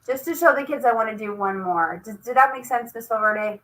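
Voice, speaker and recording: Woman, teacher, bright and forceful tone, upbeat classroom demo, coaxing. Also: on the high side, fairly quick, low-quality recording. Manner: lively, coaxing, talks while clicking through a screen. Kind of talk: classroom demonstration over a video call.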